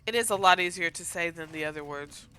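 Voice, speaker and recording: A woman from the American South with a Southern accent, chatting casually and excitedly while playing a game, rambling with lots of fillers. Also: fairly low pitch, fast, clean tone. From Southern United States. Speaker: gaming channel host.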